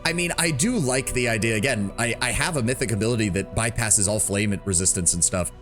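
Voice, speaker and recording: A man's voice: on the low side, fairly quick, music in the background. A man streaming a game, chatting casually with jokes and swearing. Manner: joking, profane, chatty. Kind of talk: casual gameplay commentary.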